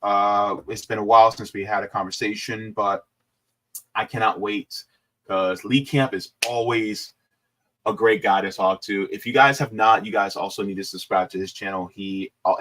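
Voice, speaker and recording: A man's voice: fairly low pitch, steady tone, moderate pace, sharp tone. A man hosting a casual livestream, talking to viewers in a loose, rambling way with plenty of fillers. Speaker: livestream host.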